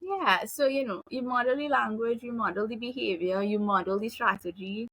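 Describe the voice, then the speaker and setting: A woman in her thirties, a behavioral analyst, giving parenting advice in a relaxed, chatty way and acting out example phrases. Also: on the high side, normal speed, husky, no room sound, poor audio. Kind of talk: casual advice conversation.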